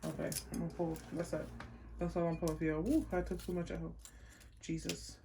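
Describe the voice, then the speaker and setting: A woman giving a casual pick-a-card tarot reading, chatty and unhurried as she lists card words one by one. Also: fairly low pitch, flat delivery, gravelly, warm tone, a little hiss or hum. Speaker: tarot reader.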